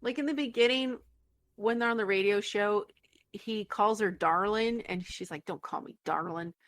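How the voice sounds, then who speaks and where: Bright-voiced female podcast co-host. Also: medium pitch, normal speed. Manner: chatty, laughing asides. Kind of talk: casual chat.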